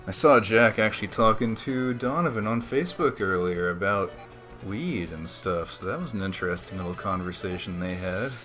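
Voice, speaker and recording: A man's voice: on the low side, normal speed, a bit bright, faint music behind. A man giving laid-back, slangy commentary while playing a video game and chatting to his viewers. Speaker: let's play host. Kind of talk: casual gaming commentary.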